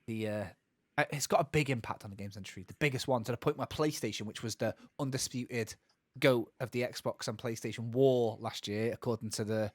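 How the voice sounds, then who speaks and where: A man's voice: mid-range voice, pushed and bright, no echo, studio quality. A man co-hosting a gaming podcast, talking casually and rambling with lots of restarts and asides. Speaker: podcast co-host. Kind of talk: casual chat.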